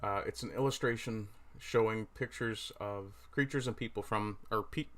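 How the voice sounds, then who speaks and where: A middle-aged Newfoundland man hosts a relaxed livestream in a lowish voice. He rambles along, stops to fix his own words and tosses off chatty asides as he clicks through pages. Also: moderate pace. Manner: rambling, self-correcting, chatty asides while browsing. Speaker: livestream host. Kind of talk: casual livestream chat.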